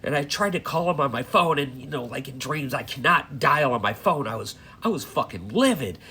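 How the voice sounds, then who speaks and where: A man's voice: medium pitch, expressive, brisk, sharp tone, a little hiss or hum. A middle-aged man casually recounting a dream, profane and rambling, with lots of fillers. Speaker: dream storyteller.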